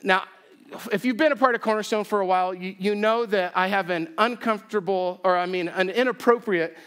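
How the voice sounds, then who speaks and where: High-voiced pastor telling a story. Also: male voice, a little fast, clear, resonant tone. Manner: animated, self-deprecating humor. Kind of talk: sermon with storytelling. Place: church sanctuary.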